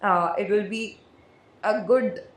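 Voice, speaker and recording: In an echoey room, a woman hosts a podcast and chats loosely with a guest in a casual interview. Her mid-range voice moves slowly, full of fillers, and she laughs often as she rambles.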